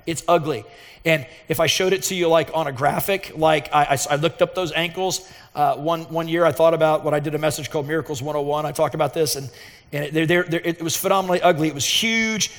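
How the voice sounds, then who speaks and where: High-voiced pastor preaching in a reverberant hall. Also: male voice, fast. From Texas, USA. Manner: earnest and emphatic, building to fervent intensity. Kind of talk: sermon with personal storytelling.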